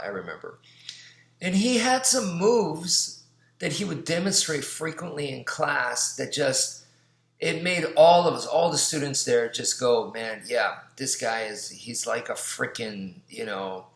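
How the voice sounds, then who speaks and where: A man's voice: mid-range voice, fairly bright tone. A man casually recalling his old martial arts teacher, rambling with many fillers as he demonstrates moves. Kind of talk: casual storytelling. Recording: echoey room.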